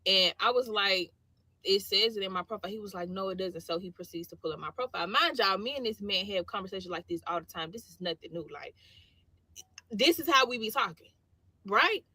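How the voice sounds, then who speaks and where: A woman soldier telling a story in a vlog clip, animated and slangy as she retells a dialogue. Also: medium pitch, fairly quick, slightly rough.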